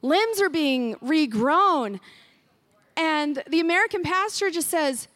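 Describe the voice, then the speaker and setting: A woman pastor delivers an earnest sermon in a church. Her voice sits high, and she leans on repeated phrases to drive each point home. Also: lively intonation, takes it slowly, fairly bright tone, dry recording. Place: church sanctuary.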